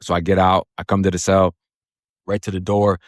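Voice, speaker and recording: Speaking at normal speed in a low, level voice, a Florida man tells a story bluntly and casually. He swears freely and uses many fillers, and the studio-quality recording has no room sound.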